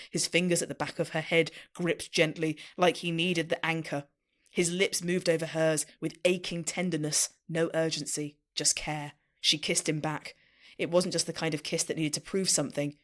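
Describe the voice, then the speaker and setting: A woman co-host with a voice a little lower than most. She chats casually, swears and laughs a lot, then turns to reading romantic fan fiction aloud to her co-hosts. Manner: swears freely, laughs often while talking. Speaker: podcast co-host.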